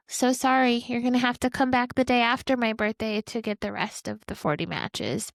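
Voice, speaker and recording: A woman podcast host giving casual, excitable commentary while watching wrestling matches, often breaking into exclamations. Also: on the high side, dry recording.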